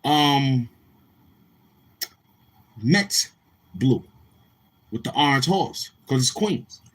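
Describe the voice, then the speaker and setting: A man's voice: mid-range voice, animated, extremely slow. A man with a New York accent talking casually to camera as a vlogger, slangy and rambling, repeating tag phrases. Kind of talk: casual street talk to camera.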